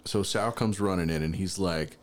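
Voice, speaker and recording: A man co-hosting a casual podcast chat, telling a story in an animated way and raising his voice high when he acts out his younger self. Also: normal speed. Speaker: podcast co-host.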